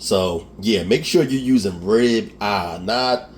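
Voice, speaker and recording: A man's voice: lowish voice, takes it slowly, slight background noise. Chatty Philly man hosting a cooking show. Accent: Philadelphia. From Philadelphia. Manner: chatty, laughs at himself, keeps asking "okay?". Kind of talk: casual cooking tutorial.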